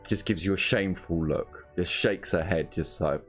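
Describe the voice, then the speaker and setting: Deep-voiced game master. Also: male voice, moderate pace, faint music behind. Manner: wry, joking, narrates with asides. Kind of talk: running a tabletop game, casual chat.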